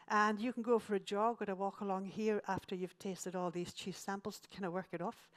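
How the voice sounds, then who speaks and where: A woman from Scotland, giving an illustrated travel lecture with dry, self-mocking jokes. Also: mid-range voice.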